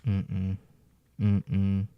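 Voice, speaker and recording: A man's voice: low-pitched, monotone, extremely slow, clear, resonant tone, no room sound, highs cut off. A man reacting casually to a music list, muttering exasperated, profane comments with whispered asides.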